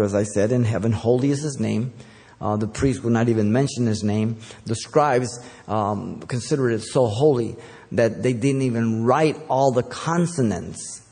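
A pastor gives a sermon in a low, mellow voice. He keeps it conversational, stopping to correct himself and filling gaps with ums. The sound carries a long hall reverb. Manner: conversational, with filler words and self-corrections.

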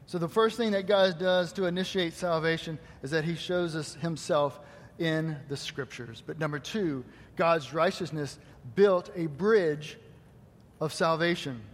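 A man's voice: fairly high pitch, measured pace. A male pastor preaching a sermon to his congregation, asking rhetorical questions and quoting scripture. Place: church hall. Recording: long hall reverb.

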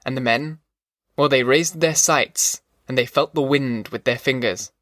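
A man's voice: mid-range voice, unhurried, fairly bright tone, no echo, clean studio sound, natural voice. A man voicing an old male army veteran who tells a haunted, folksy story around a campfire. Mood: rueful.

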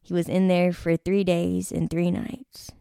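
Smooth-voiced woman, lively storyteller. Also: lowish voice, a little slow, dry recording, clean studio sound. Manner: animated storytelling, laughs often. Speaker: host interviewing her mother. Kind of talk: casual faith conversation.

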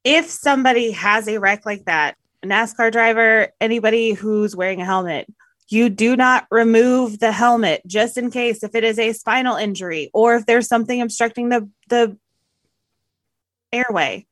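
A woman's voice: fairly high pitch, normal speed, a bit bright, no echo, clean studio sound. A woman co-hosting a casual podcast, telling stories in a rambling way and often correcting herself. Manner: rambling, self-correcting storyteller. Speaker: podcast co-host.

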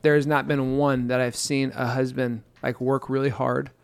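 A man in his thirties talks earnestly about scripture and family life with his wife, poking fun at himself and acting out snippets of their conversations. His voice sits at an ordinary mid pitch. The recording is dry and close, with no room sound. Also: level tone, moderate pace, gravelly, clear, resonant tone, no room sound. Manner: earnest, self-deprecating storyteller with playful quoted voices. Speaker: pastor and co-host. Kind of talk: casual chat on scripture.

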